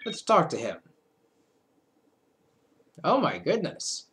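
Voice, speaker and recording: A man's voice: a little high, huge pitch swings, slow, sharp tone. A young man hosting a let's play, giving casual, playful commentary that trails off into mumbled asides.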